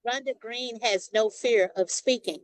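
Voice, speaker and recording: A woman's voice: fairly high pitch, unhurried, no room sound, poor audio. A woman with a Southern Texas accent, a longtime Toastmasters member speaking emphatically in a casual group discussion.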